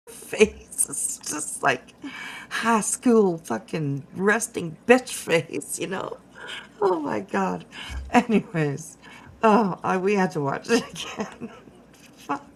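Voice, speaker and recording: A woman's voice: lowish voice, creaky. A woman hosting casual drama commentary, chatty and swearing freely, laughing often and fighting off a cough. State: coughing from a cold.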